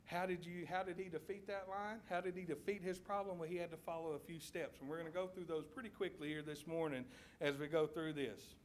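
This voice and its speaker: A man with a Southern US accent delivers a church sermon as a vivid story, asking the congregation to see each scene with him. His voice sits a little high for a man, and a faint low rumble runs underneath. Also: fairly even intonation, brisk. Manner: vivid storytelling, asks listeners to picture scenes. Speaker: preacher.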